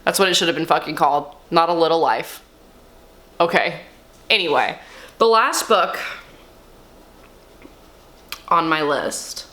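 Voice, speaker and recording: A young woman talking casually and candidly as a book vlogger, swearing freely and swinging her pitch up and down. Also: normal speed, pushed and bright. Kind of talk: casual chat.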